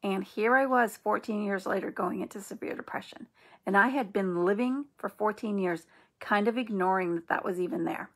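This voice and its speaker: Gravelly, husky woman giving gentle encouragement. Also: mid-range voice. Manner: gentle, earnest, slow and reassuring. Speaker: host of an inspirational channel. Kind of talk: encouraging spiritual talk.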